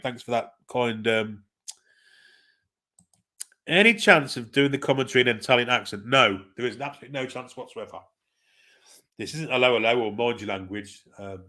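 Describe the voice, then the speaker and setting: A man hosting a live football watchalong, calling the play in a relaxed, wry way and chatting with viewers. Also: lowish voice. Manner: laid-back, chatty, wry. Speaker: watchalong host. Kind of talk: casual live match commentary, reading chat.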